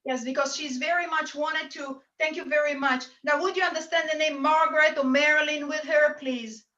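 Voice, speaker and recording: Woman medium on a lo-fi video call, high and bright, earnest, relays spirit messages in quotes. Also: fairly even intonation, a little fast. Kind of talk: mediumship reading at a church service.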